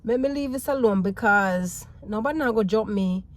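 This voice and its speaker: A Jamaican woman vlogging, telling a story in a casual, animated way, laughing often and mixing patois with English. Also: medium pitch, normal speed.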